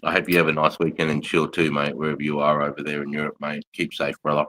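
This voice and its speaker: A man's voice: very deep voice, completely flat delivery, quick pace, bright, forceful tone, no room sound. An Australian man on a live stream, blunt and jokey, calling people bro and mate. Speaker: guest on a livestream. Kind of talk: casual live-stream chat.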